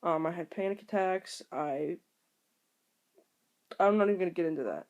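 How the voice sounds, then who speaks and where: A woman's voice: on the low side, normal speed, darkish tone, highs cut off. A young woman talking casually to the camera at home, rambling and candid with many ums and restarts. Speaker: vlogger.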